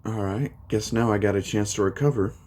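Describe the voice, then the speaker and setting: A man voicing a confident, cocky teenage boy hero in a relaxed, teasing tone. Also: on the low side, brisk, voice pushed down, close to an everyday voice.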